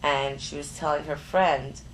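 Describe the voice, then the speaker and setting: A middle-aged woman, a psychic guest in an interview, telling a story with lively energy. She stumbles and repeats words as she goes. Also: deep voice, unhurried, slight background noise, low-quality recording. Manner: lively, stumbles and repeats words, acts out other people's voices.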